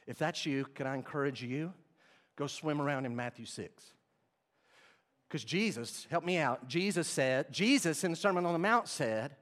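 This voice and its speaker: A middle-aged male pastor preaching a sermon, swinging between loud emphatic bursts and quiet, low stretches. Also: expressive, normal speed.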